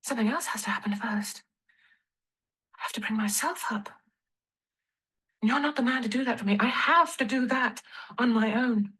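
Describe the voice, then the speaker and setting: An actress playing a young Victorian wife who speaks in a calm, firm, resolute way. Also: female voice, a little high, moderate pace, pauses often, slightly rough, low-quality recording. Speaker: actress in a filmed play.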